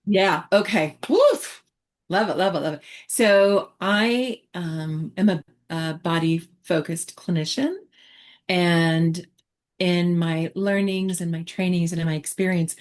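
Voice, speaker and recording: A woman therapist explaining her approach in a relaxed online teaching chat, talking reflectively with many fillers and restarts. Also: lowish voice, takes it slowly. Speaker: therapist presenter.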